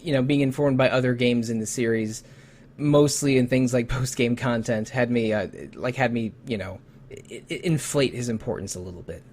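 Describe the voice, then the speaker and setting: A podcast host talking in a relaxed, halting way. His voice sits at an ordinary middle pitch, and he often restarts his sentences. He chuckles now and then. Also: a little hiss or hum. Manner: halting, many restarts and fillers. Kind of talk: casual chat.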